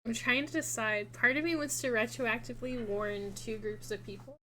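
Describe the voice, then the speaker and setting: A woman's voice: on the high side, normal speed, bright, forceful tone, a little hiss or hum, poor audio. A woman playing a tabletop game, speaking casually and thinking aloud as she decides. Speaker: player.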